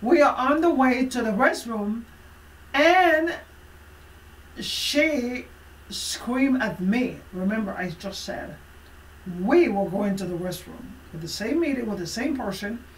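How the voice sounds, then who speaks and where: A woman life coach telling a motivational personal story, emphatic and expressive, with frequent fillers. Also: on the high side, slow pace, far from the mic, slight background noise. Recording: roomy echo from away from the mic.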